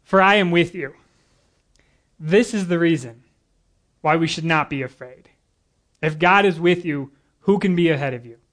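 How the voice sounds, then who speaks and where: A man's voice: fairly high pitch, moderate pace, pauses often. A man preaching a sermon to a congregation, earnest and a little nervous, with casual asides and jokes between the scripture readings. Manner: earnest, nervous but lively, with asides and humor. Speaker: guest preacher.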